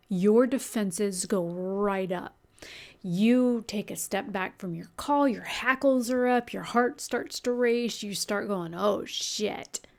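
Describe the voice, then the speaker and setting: A woman with a medium-pitched, darkish voice works as a customer service agent. In a storytelling vlog she chats candidly, swearing now and then.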